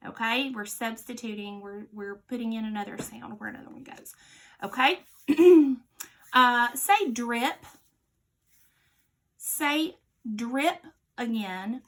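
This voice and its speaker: In a phonics lesson for kids, a woman speaks slowly, clearly and patiently in a fairly high register, turning quiet whenever she reveals an answer.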